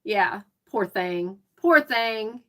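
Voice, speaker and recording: A chatty woman with a Southern Alabama drawl, talking off the cuff on a live stream. Her voice is bright and forward, at a middle pitch for a woman. She talks in an opinionated, easygoing way. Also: lively intonation, very slow. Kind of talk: casual live-stream chat.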